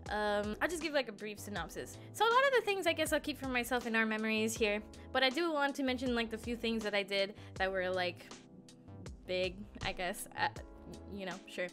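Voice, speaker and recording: A woman's voice: a little high, brisk, a bit bright, soft background music. A young woman vlogger casually telling a travel story, rambling and giggling self-consciously.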